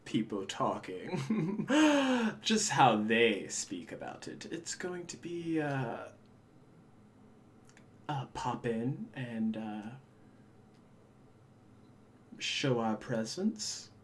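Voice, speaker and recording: A man's voice: mid-range voice, very animated, extremely slow, slight background noise. A man voicing a scheming male guard officer who talks in an evasive, conspiratorial way. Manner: conspiratorial, hedging.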